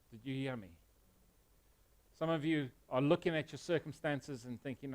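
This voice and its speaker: A man with a South African accent preaching a sermon in church, emphatic and earnest, dropping to quiet, intense moments. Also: medium pitch, brisk. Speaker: pastor.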